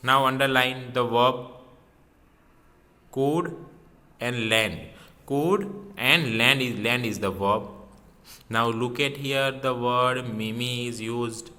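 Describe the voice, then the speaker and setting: A male teacher walks through a grammar lesson at an unhurried, deliberate pace. His voice is bright and sharp-edged, and he repeats key words and poses questions that he answers himself. The sound carries a long reverb. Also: medium pitch.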